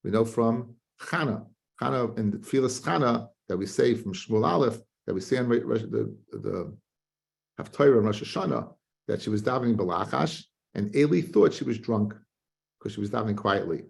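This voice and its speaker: Man, rabbi, Talmud class, gravelly voice, animated singsong. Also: on the low side, normal speed. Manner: animated, chanting study singsong with frequent restarts.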